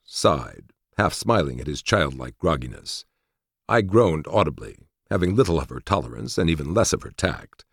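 Deep, gravelly male audiobook narrator. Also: dry recording. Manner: dry, wry storytelling. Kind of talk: first-person audiobook narration.

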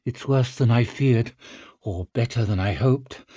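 A man's voice: mid-range voice, a little slow, warm tone, breathy edge, no room sound. Guy doing a solemn witch, riddling and grave, dry unechoing sound.

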